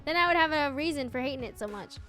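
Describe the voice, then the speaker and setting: A young woman streamer chatting casually with her viewers, telling a story in an animated way with lots of laughing and fillers. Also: high voice, quick pace, soft background music. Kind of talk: casual live-stream chat.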